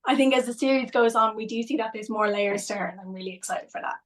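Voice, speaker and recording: A woman's voice: fairly high pitch, fast. A woman, an actress guest, chatting in an interview, a little hesitant with fillers. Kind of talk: casual interview chat.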